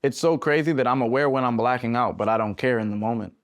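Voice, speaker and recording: Animated young man telling stories. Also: medium pitch, quick pace, no room sound, studio quality. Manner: animated, slangy, acts out voices in his stories. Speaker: podcast guest, independent musician. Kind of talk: casual storytelling.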